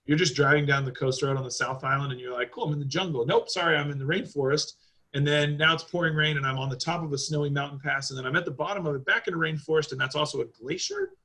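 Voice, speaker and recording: A man talking as a guest on a casual podcast, with a bright, forward tone. He rambles through his stories, piles on fillers and swears freely. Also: on the high side, fairly even intonation, quick pace, few pauses, poor audio. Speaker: podcast guest, driving school owner.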